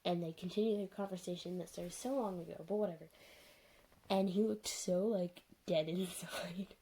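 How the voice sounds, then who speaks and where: A woman's voice: on the low side, steady tone, moderate pace, mellow, slightly rough, low-quality recording. A young woman giving a sarcastic, chatty recap and commentary on a show, full of "like" and "anyways". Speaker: video reviewer.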